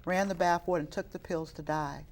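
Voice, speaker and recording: A woman's voice: lowish voice, steady tone, fairly quick. Woman, middle-aged, from Chicago, youth minister, interview guest, earnest, preacher's fervor. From west side of Chicago. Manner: earnest, rises into fervent preaching. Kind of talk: interview testimony.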